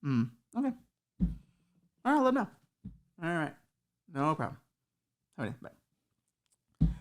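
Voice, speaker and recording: A woman's voice: sits low, very animated, a little slow. A woman voicing a bored, laid-back male Satan who talks in offhand slang. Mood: chatty. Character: bored casual male Satan ruling hell.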